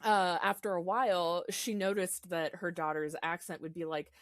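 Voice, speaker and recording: Woman guest, lowish voice, dry close sound, chatty and halting. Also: fairly even intonation, no echo. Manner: hesitant, laughs between thoughts, many fillers. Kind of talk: casual chat.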